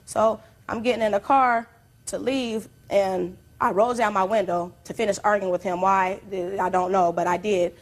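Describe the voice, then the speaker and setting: A woman plaintiff recounts events at length before a judge. She tells her story in a rambling, animated way, piling detail on detail. Her delivery is plain courtroom testimony. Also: mid-range voice, normal speed.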